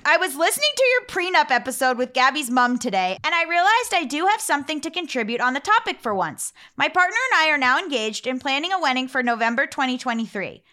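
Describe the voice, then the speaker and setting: A woman hosting a podcast, chatting casually and reading a listener email aloud, playful and quick to laugh. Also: high voice, very animated, sharp tone. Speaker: podcast host.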